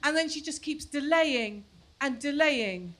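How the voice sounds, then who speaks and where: A woman in her forties doing a stand-up comedy set on a club stage, chatty and self-mocking, sometimes mimicking her kids in shrill voices. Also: lively intonation, measured pace, a bit bright. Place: comedy club stage before a live audience.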